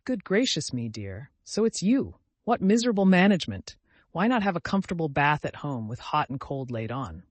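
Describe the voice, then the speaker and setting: A man's voice: fairly high pitch, very animated, moderate pace, dry recording. A man doing a flustered, fussy older mother. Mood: flustered fussing. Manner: exclaiming, fussing, scolding.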